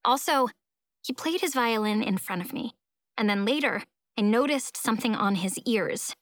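A woman narrating an audiobook in the first person, expressive and emphatic as she tells it. Her voice sits a little higher than most. The read is close and dry, with no room sound at all. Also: moderate pace, dry recording.

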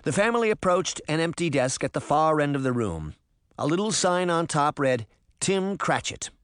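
A man narrating a story as an audiobook, with expressive storytelling. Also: fairly high pitch, moderate pace, smooth, no echo, clean studio sound.

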